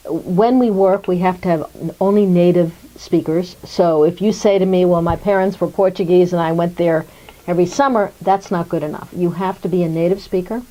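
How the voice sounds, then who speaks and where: A woman's voice: fairly low pitch, fairly even intonation, moderate pace, dark tone, lo-fi sound. A middle-aged American woman being interviewed, speaking thoughtfully with fillers and restarts. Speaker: interviewee, dubbing company executive. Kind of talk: conversational interview answers.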